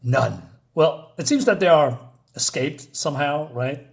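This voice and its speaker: Excited man with a fairly high voice. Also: a little slow. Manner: enthusiastic, chuckles often, says "badass" and "right?". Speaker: comic book reviewer. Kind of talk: casual comic review with read-aloud panels.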